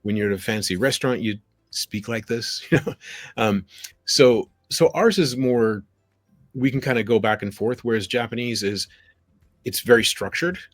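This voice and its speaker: Animated man telling stories on a call. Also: medium pitch, normal speed, dry recording, soft background music. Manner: animated, quotes people in little voices. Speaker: guest. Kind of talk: conversational storytelling. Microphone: video call.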